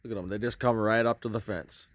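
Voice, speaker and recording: A man vlogging outdoors beside cattle, out of breath, excited, laughing and calling out praise now and then, on a handheld phone. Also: on the low side, fast talker, dry recording. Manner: excited, religious exclamations, laughs often. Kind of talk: casual outdoor video chat.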